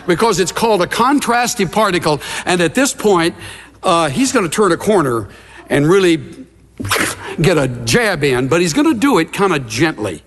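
A man's voice: high voice, sing-song, moderate pace, a bit bright. A middle-aged man preaching a conversational sermon as a pastor, telling stories and acting out little scenes with gasps and asides. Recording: long reverb of a large hall.

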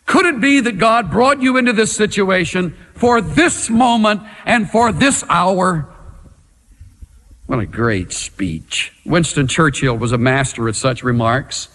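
A man preaching with a lively, swooping pitch that climbs high when he gets worked up. He talks slowly and dramatically and leans on his pauses. His voice rings out with the long reverb of a big hall. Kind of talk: sermon.

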